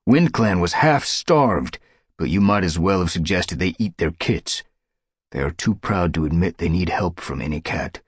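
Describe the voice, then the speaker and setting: A man's voice: low-pitched, expressive, moderate pace, breathy edge, no echo, studio quality. A man voicing a proud, bitter tomcat who snarls his words defiantly in a storybook reading.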